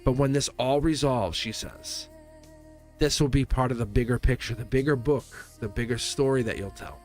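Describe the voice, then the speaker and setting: A man's voice: medium pitch, a little fast, darkish tone, faint music behind. Earnest rambling male tarot reader. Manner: earnest, reassuring, rambling with restarts. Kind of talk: live tarot reading.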